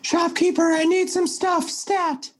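A pushy, frantic adventurer who can't wait for anything, all squeaky high notes far above a normal speaking voice, as a man puts it on at the game table. Shrill and hurried, he barks demands in short bursts. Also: flat delivery. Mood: impatient. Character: frantic, impatient young adventurer-inventor.

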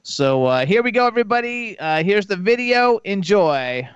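A man's voice: sits high, sing-song, normal speed, smooth, dry recording. A male radio show host chatting casually on a live show, with lots of fillers. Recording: dull, dry studio sound.

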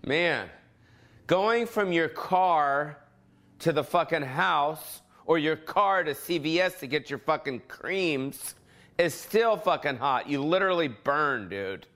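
A man whose voice sits on the high side takes his time as he hosts his own podcast from home. His casual rant is full of swearing and energy, punctuated by abrupt mock voices.

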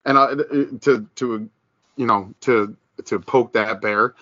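Animated man riffing on football. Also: mid-range voice, slow pace, no room sound, dull audio. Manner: animated, mocking put-on voices when quoting others, many restarts. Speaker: podcast co-host. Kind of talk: casual sports chat.

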